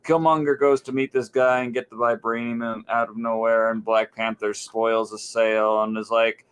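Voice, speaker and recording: A man co-hosting a podcast, giving a sarcastic, deadpan episode recap with mocking quoted voices. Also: mid-range voice, moderate pace, clean tone. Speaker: podcast co-host.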